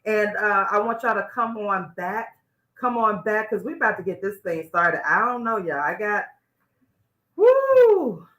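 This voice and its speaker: A woman's voice: mid-range voice, moderate pace, pushed and bright. A woman hosting a live internet radio show, chatting casually with guests and listeners and often restarting her sentences. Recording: roomy echo.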